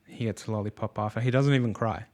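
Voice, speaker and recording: A man's voice: on the low side, fairly even intonation, fast, darkish tone. A man and father hosting a podcast, talking casually and rambling with lots of fillers and restarts. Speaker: podcast host.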